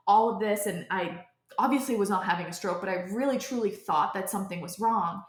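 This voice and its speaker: A young woman talks off the cuff as a podcast host, her voice sitting at an ordinary middle pitch. She rambles, stacking filler "likes" and restarting her sentences. The room around her rings with noticeable echo. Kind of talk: off-the-cuff personal storytelling. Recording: echoey room.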